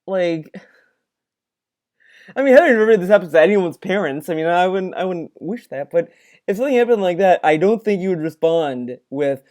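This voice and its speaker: A man with a mellow, dark-toned voice talks through a reaction video. He rambles and stumbles over restarts as he builds his points. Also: high voice, expressive. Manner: rambling, halting, full of restarts and filler. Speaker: commentary video host. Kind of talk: reaction commentary.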